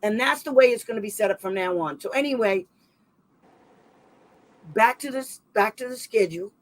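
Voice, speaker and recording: On a rough recording, a woman with a slightly high voice hosts a special education advocacy livestream. She talks casually, rambling and animated, tossing in quick sarcastic asides.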